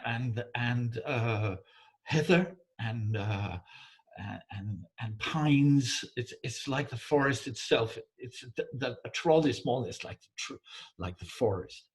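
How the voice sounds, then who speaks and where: A man telling a folk tale in English, halting and repeating words, often checking in with his listener. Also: mid-range voice. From Denmark. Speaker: storyteller. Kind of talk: oral folk storytelling.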